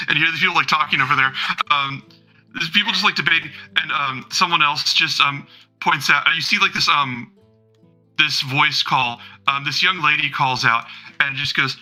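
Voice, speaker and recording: A man running a tabletop game as game master, with a strikingly bright, slightly high voice. He rambles through scene descriptions with plenty of fillers and casual swearing. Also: moderate pace, soft background music, poor audio.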